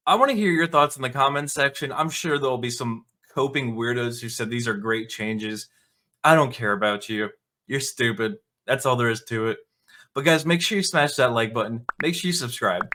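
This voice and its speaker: Indignant ranting man, bright voice. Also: mid-range voice, normal speed. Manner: indignant, mocking, swearing. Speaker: video commentator. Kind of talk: ranting commentary vlog.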